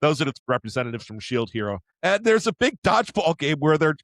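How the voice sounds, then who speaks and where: A man co-hosting an anime podcast, retelling episodes in an animated way with quick character impressions and frequent laughs. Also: on the high side, no room sound. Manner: laughs often. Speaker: podcast co-host. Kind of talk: casual anime discussion.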